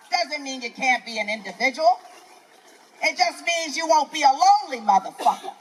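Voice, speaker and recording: A woman's voice: high-pitched, animated, moderate pace, some chatter behind, slight background noise, poor audio. An older woman with a New York accent doing a live stand-up set, ranting in a brash, profane, preachy way. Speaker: stand-up comedian. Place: outdoor festival stage.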